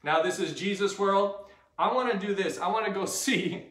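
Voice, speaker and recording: A man's voice: sits high, normal speed, fairly bright tone. A man hosting a children's church show, upbeat and leading the kids in call-and-response. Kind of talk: kids' Bible lesson. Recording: echoey room.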